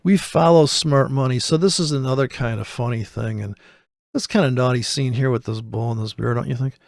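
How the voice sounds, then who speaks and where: A man's voice: mid-range voice, brisk, vocal fry, no room sound, studio quality. A man hosting a show, giving rambling, sarcastic, profane commentary while reacting to a video. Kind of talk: casual commentary.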